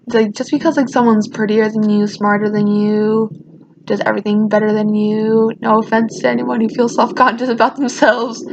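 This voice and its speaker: Rambling teen girl with a gravelly voice. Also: on the high side, little pitch movement, moderate pace, noisy background. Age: teens. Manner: rambling, restarting, emotional. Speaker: vlogger. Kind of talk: casual storytime rant. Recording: dull lo-fi sound.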